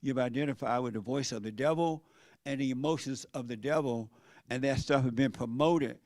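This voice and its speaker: A man's voice: medium pitch, normal speed, a little mellow, dry recording. An older man preaching a sermon in a plain-spoken, folksy way, asking his listeners questions. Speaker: pastor.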